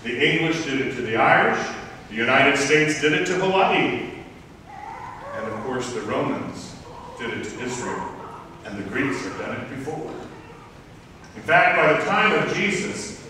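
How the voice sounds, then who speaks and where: Bright-voiced man preaching in an echoey hall. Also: medium pitch, animated, a little slow, a little hiss or hum. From Southern Maryland, US. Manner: personal storytelling, wry and reflective. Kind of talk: sermon. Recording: echoey hall, picked up from far off.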